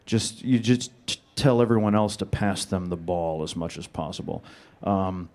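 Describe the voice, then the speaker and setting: A man with a flat, monotone, deadpan delivery, answering audience questions on a panel. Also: sits low, moderate pace.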